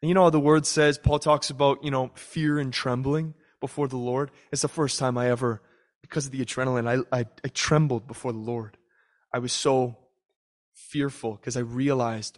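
At a moderate pace and medium pitch, a young man preaches by telling a story from his own life. He acts out the voices of the people in it, quoting them and their prayers.

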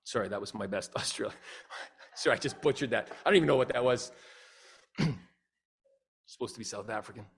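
Husky middle-aged man telling lively stories. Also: normal speed, long pauses. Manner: animated, acts out dialogue with big pitch jumps. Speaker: speaker and singer. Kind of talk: humorous storytelling talk.

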